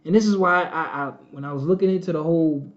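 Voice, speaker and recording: Male host, higher-pitched, preachy and repetitive; dull lo-fi audio. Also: quick pace. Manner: preachy, repetitive, addresses viewers as family. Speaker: channel host. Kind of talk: casual live-stream commentary.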